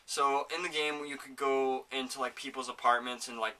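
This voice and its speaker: Bright-voiced swearing young podcaster. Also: male voice, mid-range voice, normal speed, distant mic. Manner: rambling and excitable, swears often. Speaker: podcast host. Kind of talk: casual gaming chat. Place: home.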